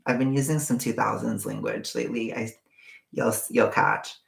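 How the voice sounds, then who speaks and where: A man's voice: medium pitch, steady tone, moderate pace, creaky. A young man chatting casually to his viewers in a campy, talkative way with frequent swearing and asides. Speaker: vlogger. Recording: echoey room.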